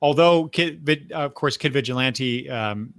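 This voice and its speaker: A man's voice: medium pitch, unhurried, fairly bright tone, no room sound. Older man recapping comics, dry sound. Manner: recaps scenes with frequent restarts and fillers. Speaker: podcast host. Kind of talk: casual comic book discussion.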